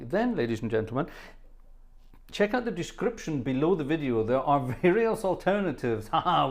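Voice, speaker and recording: A cheerful middle-aged man hosts his own live stream from a home studio, drifting from joke to joke as he greets viewers one by one. His voice sits at an ordinary middle pitch, and the talk is loose, playful and unhurried. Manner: jovial, rambling, reads out chat names with playful jokes. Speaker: live stream host and organist. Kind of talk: chatty live stream banter.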